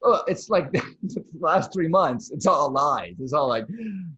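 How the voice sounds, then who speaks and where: A man hosting a casual chat over a video call, rambling with lots of restarts and animated bursts. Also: a little high, a little slow, husky. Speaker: podcast host. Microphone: video call mic. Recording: dull lo-fi video call audio.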